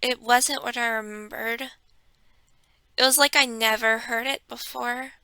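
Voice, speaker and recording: A woman talking casually about her life in an airy, breathy voice, soft and halting, sometimes slipping into a whisper. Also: a little high, steady tone, dry recording. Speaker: content creator. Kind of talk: casual personal talk.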